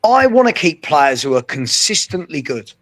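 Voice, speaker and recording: A man, co-hosting a casual football chat, emphatic and often checking agreement with a quick question. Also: a little high, very animated, fairly bright tone. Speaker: co-host.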